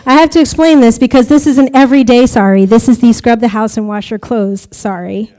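A woman's voice: on the high side, fairly even intonation, brisk, mellow. An American woman giving a chatty testimony to a church congregation about mission work, often laughing as she talks. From United States.

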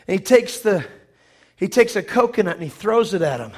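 A man preaching a sermon who retells a movie in an animated way, acting out the scenes with sudden loud bursts. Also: sits high, a little fast.

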